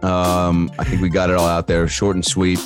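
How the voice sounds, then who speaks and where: Deep-voiced joking man on a podcast. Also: monotone, normal speed, over music. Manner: joking, profane, laid-back. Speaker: comedian podcast host. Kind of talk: casual podcast chat.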